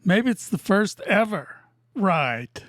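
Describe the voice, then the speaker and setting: A woman who cuts and sells opals, narrating her workshop video in a deadpan, teasing way. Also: medium pitch, slow pace, no echo, clean studio sound. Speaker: opal cutter and seller. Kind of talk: narrated lapidary video with jokes.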